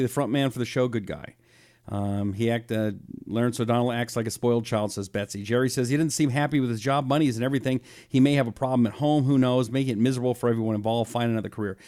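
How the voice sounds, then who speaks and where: A man's voice: medium pitch, dark tone. A middle-aged man hosting a live talk show, rambling casually and reading out viewer comments.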